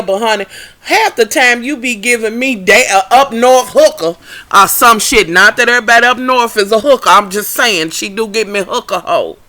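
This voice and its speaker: A woman's voice: fairly high pitch, fairly bright tone. A young woman recapping a reality TV episode in a sassy, profane, gossipy way. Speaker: TV recap vlogger.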